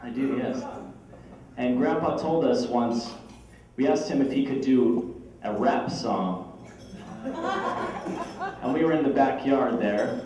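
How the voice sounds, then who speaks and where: A man's voice: medium pitch, big pitch swings, slow pace, pauses often. A man, a grandson, giving a humorous birthday speech full of playful family anecdotes. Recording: echoey hall from far off, crowd noise.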